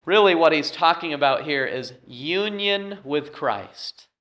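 A man's voice: on the high side, animated, measured pace, pushed and bright. A man preaching a sermon as pastor, moving from a homey story into emphatic repeated scripture lines.

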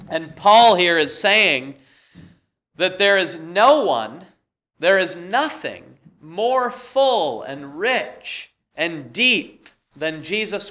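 A man's voice: high voice, sharp tone. A man preaching a sermon as pastor, moving from a homey story into emphatic repeated scripture lines.

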